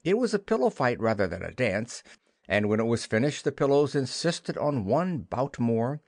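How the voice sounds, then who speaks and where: A man narrating a classic children's storybook in an expressive, unhurried way. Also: mid-range voice, no echo, clean studio sound. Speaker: audiobook narrator.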